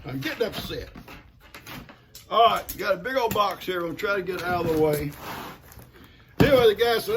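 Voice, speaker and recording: A man's voice: sits high, expressive, normal speed, long pauses. An older man, chatting casually and folksily to camera while opening gifts and talking to his pets. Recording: noisy home recording.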